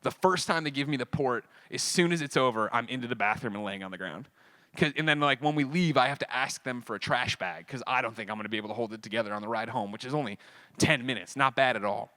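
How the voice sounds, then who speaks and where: A man in his thirties telling a personal story on a convention stage, emotional and swearing, swinging from quiet lows to loud outbursts. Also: fast talker. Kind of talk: personal storytelling to a live audience.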